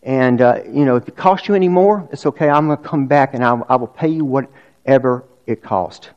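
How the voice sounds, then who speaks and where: A man's voice: medium pitch, normal speed, a little mellow, dull audio. A male pastor preaching a sermon in a conversational way, with restarts and rhetorical questions.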